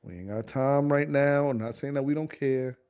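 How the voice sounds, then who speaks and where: A man's voice: normal speed, clear, resonant tone, no echo. A young adult man on a podcast telling a family story casually, swearing freely and acting out the voices of the people in it. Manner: animated storyteller, acts out quotes in high voices, swears freely. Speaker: podcast co-host.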